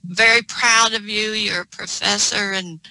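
A woman speaks on a video call in a very bright, sharp voice. The sound is dry, with no room around it. She chats casually and laughs easily. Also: medium pitch, steady tone, a little slow, dry recording, poor audio. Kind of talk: casual chat.

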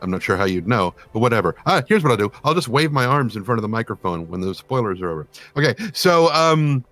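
Lively, joking man on a stream. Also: mid-range voice, fast talker. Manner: animated, joking, with laughter. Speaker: voice actor on a modding team stream. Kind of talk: casual stream chat.

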